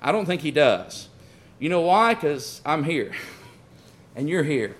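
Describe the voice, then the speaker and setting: A man's voice: on the high side, very animated, slow. A man preaching a sermon in a folksy, storytelling way, calling his listeners friends and pressing his points with rising and falling force. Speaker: pastor.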